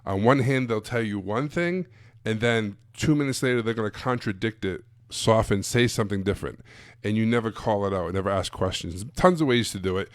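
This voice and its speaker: A man's voice: on the low side, a little fast, no echo, clean studio sound. A man giving a blunt, casual live-streamed coaching talk to sales coaches, full of emphatic asides.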